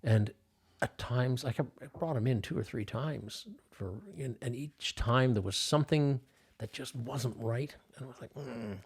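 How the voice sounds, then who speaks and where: A man's voice: medium pitch, a little slow, husky. An older man, a filmmaker guest on a podcast, telling stories casually with lots of fillers and restarts. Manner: rambling, many restarts and fillers. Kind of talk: casual storytelling interview.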